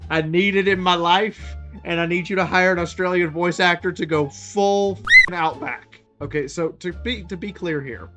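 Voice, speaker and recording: A woman streamer reacting to memes in a loose, excitable way, swearing and riffing freely. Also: lowish voice, normal speed, hardly any pauses, music in the background. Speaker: VTuber streamer. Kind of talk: meme reaction commentary.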